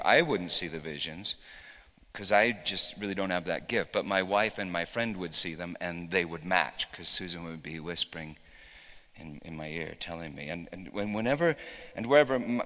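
A male pastor delivers a sermon story in a low, forceful voice with a bright edge. He moves between hushed near-whispers and loud, impassioned stretches. His voice rings out with the long reverb of a large church sanctuary.

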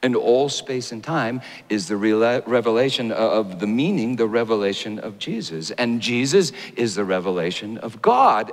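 A man preaching a sermon, dramatic and rising to loud high peaks. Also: expressive, normal speed, few pauses. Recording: long hall reverb.

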